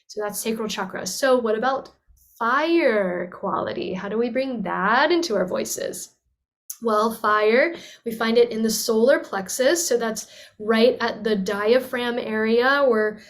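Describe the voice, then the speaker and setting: A young woman teaches voice in an earnest, flowing manner, speaking at a fairly high pitch. She pauses her explanations to demonstrate with sighs and sung vowels.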